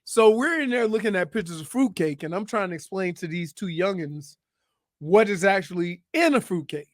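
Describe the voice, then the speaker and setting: A man's voice: high voice, normal speed, dry recording. A man co-hosting a sports radio show, telling stories and arguing in casual studio banter. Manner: animated storyteller, interrupts often.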